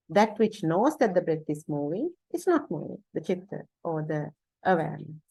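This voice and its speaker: Slow, soft-spoken woman teaching meditation. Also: on the low side, no echo, rough recording. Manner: slow, pausing deliberately, with soft fillers and self-corrections. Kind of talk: guided meditation talk.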